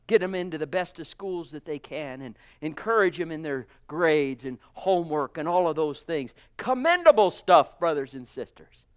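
A man preaching a sermon to his church. He is fervent, moving between soft, hushed lines and loud, emphatic calls, and keeps addressing the congregation as brothers and sisters. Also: on the high side.

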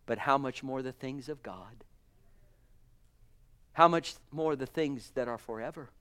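In an unhurried, clean-toned voice of medium pitch, a man delivers a passionate sermon to his church. He drops to hushed lines, then rises to loud, emphatic calls, and keeps calling the congregation brothers and sisters.

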